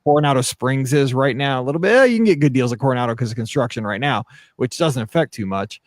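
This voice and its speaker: A man's voice: medium pitch, animated, fast talker, dry recording, clean studio sound. A man hosting a casual podcast, chatty and laughing easily, reading listener questions aloud. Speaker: podcast host. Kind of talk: casual chat.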